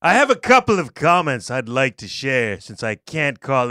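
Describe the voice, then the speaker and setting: A man's voice: medium pitch, very animated, moderate pace, hardly any pauses, sharp tone, no echo, studio quality. A man co-hosting a casual comedy show, reading a listener's message aloud and riffing on it with frequent laughs. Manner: jokey, reads aloud and riffs, laughs often. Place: studio.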